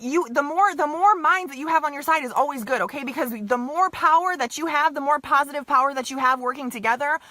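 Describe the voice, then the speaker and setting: A woman's voice: high voice, fast talker, hardly any pauses, pushed and bright, no echo. A young woman leading a sales team, giving an emphatic, repetitive motivational pep talk on a live stream to her viewers. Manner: emphatic, repetitive, keeps saying "you guys" and "okay".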